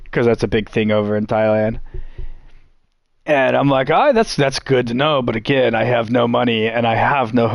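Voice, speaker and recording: A man in easy conversation, spinning a meandering anecdote full of swearing and little laughs. His voice sits at an ordinary middle pitch. The sound is close and dry, with no room around it. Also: dry recording. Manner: rambling, profane, laughs often. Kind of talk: casual storytelling.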